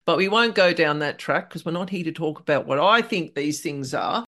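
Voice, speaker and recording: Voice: medium pitch, normal speed, a bit bright. A host asking a guest questions in an enthusiastic, chatty way. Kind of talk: interview questions.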